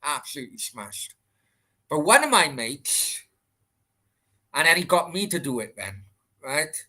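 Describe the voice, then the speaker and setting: A man's voice: on the high side, sing-song, measured pace, pushed and bright. A man with a Welsh accent hosting a casual late-night livestream Q&A, rambling and swearing freely as he answers chat. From Wales. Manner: rambling, chatty, sweary, many restarts.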